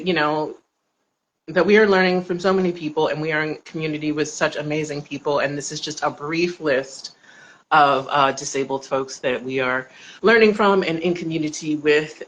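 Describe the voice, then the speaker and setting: A woman's voice: sits low, fairly bright tone, low-quality recording. A middle-aged American woman co-hosting a casual chat, easygoing and asking questions to keep things moving. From United States. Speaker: co-host. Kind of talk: casual video-call chat.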